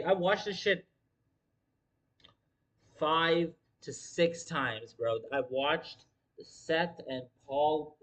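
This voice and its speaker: A man hosting a wrestling livestream in casual commentary, talking emphatically with lots of swearing and repeating his points. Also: a little high. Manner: profane, emphatic, repeats himself.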